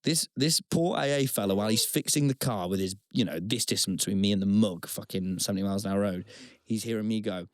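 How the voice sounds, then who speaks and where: A man's voice: on the low side, fairly quick. Rambling young man telling stories. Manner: rambling, self-mocking, dramatic outbursts. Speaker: podcast co-host. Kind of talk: casual storytelling chat.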